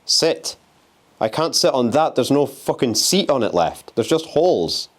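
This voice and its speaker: A man's voice: medium pitch, very animated, moderate pace. A young man vlogging as he explores an abandoned house, talking restlessly and swearing while he taunts the spirits. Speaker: urban explorer and ghost hunter. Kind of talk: handheld exploring vlog. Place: abandoned house on a windy day.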